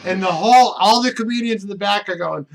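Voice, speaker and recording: A man in his forties with a Boston accent, a comedian telling stories in a casual chat, profane and animated. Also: high voice, fast talker, gravelly. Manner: profane, animated storyteller acting out quotes.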